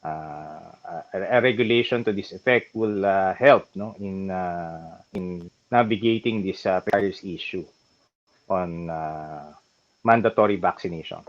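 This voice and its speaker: A man with a Filipino accent, a lawyer guest explaining calmly and adding "no?" to check understanding. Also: sits low, muffled recording. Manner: measured and explanatory, with frequent tag "no?". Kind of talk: casual interview answers mixing English and Tagalog.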